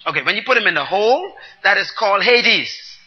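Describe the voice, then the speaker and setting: A man preaching a teaching sermon, explaining scripture word by word and calling on the congregation to repeat after him. He swings between loud, emphatic bursts and soft asides. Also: high voice, lively intonation, fairly quick, lo-fi sound. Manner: teaching, asks the congregation to repeat and write words down.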